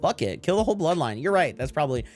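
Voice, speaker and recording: A young male streamer in a loose, joking, profane chat with his audience. His voice sits a little high and swings up and down a lot as he rambles from one bit to the next. Quiet music plays underneath. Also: sing-song, fast. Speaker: live streamer. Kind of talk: casual chat to stream viewers.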